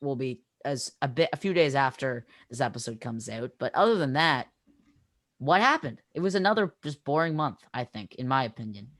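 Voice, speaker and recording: A man's voice: medium pitch, lively intonation, brisk, a bit bright, dry recording, studio quality. A teenage boy hosting a casual podcast chat, steering topics with many fillers. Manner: leads the talk, many fillers. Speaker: podcast host.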